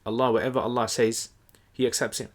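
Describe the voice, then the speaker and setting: A man giving a casual explanatory lesson, conversational and relaxed, with many fillers and restarts. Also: medium pitch, fast talker. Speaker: Quran teacher.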